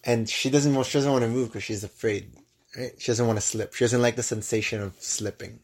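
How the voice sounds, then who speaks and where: A young man co-hosting a podcast, telling a travel story in casual chat, with lively bursts and frequent restarts. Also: mid-range voice, brisk. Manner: animated storyteller with many restarts. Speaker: podcast co-host.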